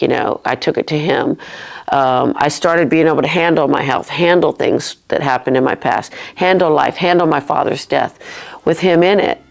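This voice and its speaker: A woman with a low voice and a gravelly edge tells her faith story as a podcast guest. She speaks earnestly and reflectively, often stopping to restart a thought mid-sentence. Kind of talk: personal faith testimony in casual talk.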